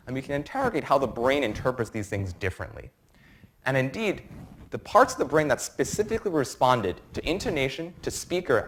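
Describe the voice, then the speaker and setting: A young man in his twenties gives a science talk to a live audience in a lecture room. His voice sits at an ordinary middle pitch, and his explanations are quick and informal, with a faint hum of room noise behind him. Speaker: medical student presenter. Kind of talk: academic lecture presentation.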